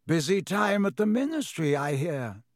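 A man's voice: a little high, big pitch swings, no room sound, clean studio sound. Lucius Malfoy, a man doing a drawling sneering aristocrat. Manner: slow, drawling, contemptuous.

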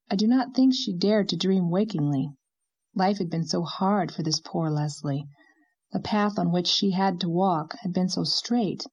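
A woman reading a classic novel aloud in a measured, gently expressive narration. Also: lowish voice, husky. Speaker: audiobook narrator. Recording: dull lo-fi recording.

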